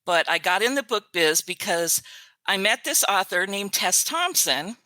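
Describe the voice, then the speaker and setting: A woman's voice: medium pitch, expressive, bright, forceful tone, no room sound. An older woman, a grandmother, chatting as an interview guest and telling stories with a ready laugh. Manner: chatty storyteller, quick to laugh. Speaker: author's virtual assistant, guest. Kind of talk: casual interview chat.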